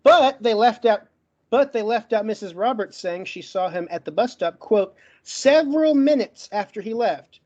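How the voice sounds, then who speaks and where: A slightly mellow, high voice comes through with the top end cut off. This podcast debate guest argues his closing statement point by point in quick lists, his stutter tripping him on certain words.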